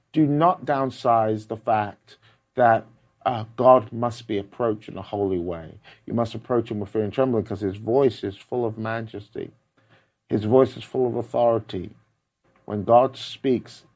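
A man preaching a sermon, counting off numbered points, quoting scripture and swinging between loud, emphatic lines and hushed ones. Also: lowish voice.

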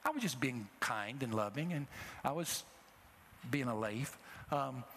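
A middle-aged man preaching a sermon, telling a personal story with emotion and rising to loud exhortations. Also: mid-range voice, lively intonation, measured pace, slight background noise. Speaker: traveling preacher.

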